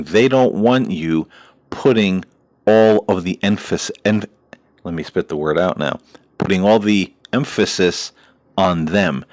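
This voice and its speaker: Deep-voiced man, earnest spiritual talk. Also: no room sound. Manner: earnest, repetitive lists, frequent "uh" and "you know". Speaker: host of a paranormal talk show.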